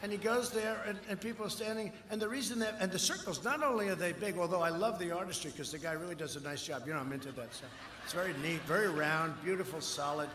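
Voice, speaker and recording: A man's voice: sits high, fast. Older man rambling at a rally podium. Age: 70s. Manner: rambling and repetitive, with mocking asides. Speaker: political candidate at a rally. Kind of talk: campaign rally speech. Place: large outdoor rally. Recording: echoey rally sound system with long reverb and faint noise.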